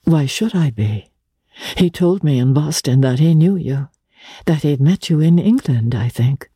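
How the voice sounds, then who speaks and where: An audiobook reader voicing a composed society woman who speaks quietly and naturally, in a mellow, husky tone. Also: medium pitch, animated, measured pace, dry recording, studio quality. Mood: calm. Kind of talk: audiobook character reading.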